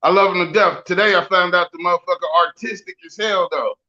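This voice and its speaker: A bright, high-pitched man in his forties trades profane, joking stories in loose podcast banter. The sound is a little dull and lo-fi. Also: fairly even intonation, brisk. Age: 40s. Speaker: podcast co-host.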